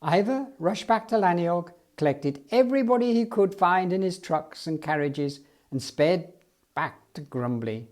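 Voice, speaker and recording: A man reading a children's story aloud in an expressive, storytelling way. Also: high-pitched, unhurried. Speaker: storybook reader.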